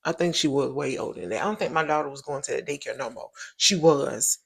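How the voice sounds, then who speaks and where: A woman's voice: extremely low pitch, fast talker, vocal fry, husky. Chatty woman storyteller. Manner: chatty, emphatic, repeats points for stress. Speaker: show host. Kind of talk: casual storytelling monologue.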